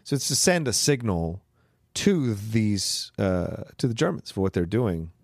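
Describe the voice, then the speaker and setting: A man co-hosting a film podcast who rambles and thinks aloud as he talks through movies. His voice is low. The sound is dry and close to the mic. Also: sing-song, unhurried, vocal fry, no echo. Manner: rambling, thinks out loud with fillers. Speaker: podcast co-host. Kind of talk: casual film review chat.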